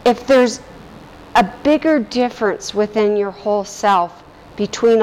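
Slow, calm woman guiding a vocal meditation. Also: medium pitch, big-room sound, a little hiss or hum, poor audio. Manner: slow, calm, gently instructive. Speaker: voice and breath teacher.

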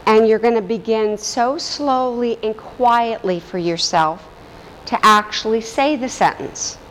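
A woman teacher leading a guided vocal meditation in a calm, gently instructive way. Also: fairly high pitch, unhurried, long reverb tail, a little hiss or hum, low-quality recording. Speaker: voice and breath teacher.

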